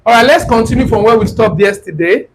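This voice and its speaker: With a high voice and quick pace, a Nigerian-accented man hosts a casual forex trading class live, switching between Pidgin and English while teasing viewers. A clip-on mic sits near his throat, and wind noise hits it.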